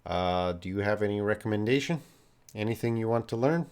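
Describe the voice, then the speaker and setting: Canadian male English teacher, slightly low voice, patient live-stream explainer with lots of fillers. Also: a little fast, darkish tone, clean tone. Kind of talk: live-stream English lesson, answering questions.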